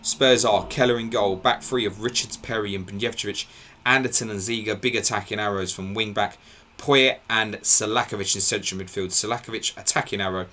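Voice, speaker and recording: A man hosting a live football podcast, briskly reeling off team line-ups and laughing at his own slips. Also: fairly low pitch, fairly even intonation, sharp tone. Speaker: podcast host.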